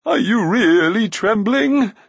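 A man voicing a huge, boastful and needy male cave giant, with a quavering, choking voice drawn out in slow shouts. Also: high voice, slightly rough, dry recording, voice pushed up, exaggerated voice. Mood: eager.

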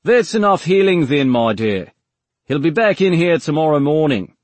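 A man voicing a hearty male army officer who barks orders in a loud, good-natured way. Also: a little high, expressive, moderate pace, no echo, voice pushed up, lightly acted. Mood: bluff.

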